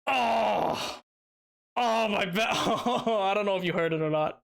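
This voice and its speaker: A man's voice: high voice, moderate pace, a bit bright, smooth. A young man chatting casually while streaming a game, self-mocking and laughing often. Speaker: gaming streamer.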